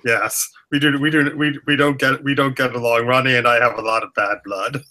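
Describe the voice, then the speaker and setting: A man playing a tabletop game, stammering and halting as he talks. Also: medium pitch, steady tone, sharp tone. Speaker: player. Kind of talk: casual tabletop play.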